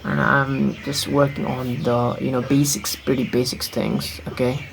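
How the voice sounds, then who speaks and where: Over a noisy background, a young Nepali vlogger speaks English to the camera with an American-style accent absorbed from movies. His medium-pitched voice is creaky, a touch slow, and fairly even in intonation. The talk is casual and rambling, blunt, and thick with fillers.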